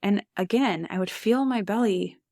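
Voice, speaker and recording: A woman's voice: medium pitch, normal speed, darkish tone, no echo, studio quality. A woman in her thirties, a podcast guest, telling her birth stories in a casual, chatty way with frequent laughs and lots of "like" fillers. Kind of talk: casual storytelling.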